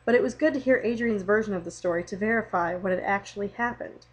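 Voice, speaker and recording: A woman's voice: mid-range voice, fast, poor audio. Young woman reading a class report. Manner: reads a prepared class report. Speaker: student presenter. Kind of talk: scripted narration.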